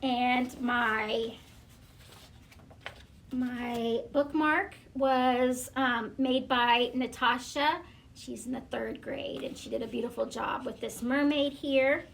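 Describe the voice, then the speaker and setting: A woman school librarian reading a picture book aloud to children, gentle and hesitant, often pausing with fillers. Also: on the high side, fairly even intonation, gravelly.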